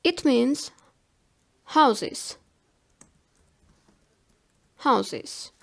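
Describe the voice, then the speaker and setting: A woman teaching a pronunciation lesson, who spells out letters one at a time and repeats each example word slowly and carefully. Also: sits high, animated, creaky. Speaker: language teacher.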